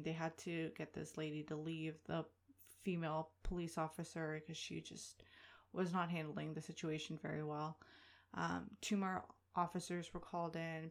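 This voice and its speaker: A woman in her thirties, a podcast host chatting through a personal story in an animated way, full of filler words. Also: low voice.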